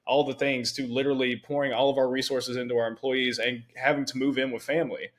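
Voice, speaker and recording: Young guy hosting a podcast, talks fast and loose with lots of "it's like" asides. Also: mid-range voice. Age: young adult. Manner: animated storytelling with many "it's like" asides. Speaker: podcast host. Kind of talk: conversational interview.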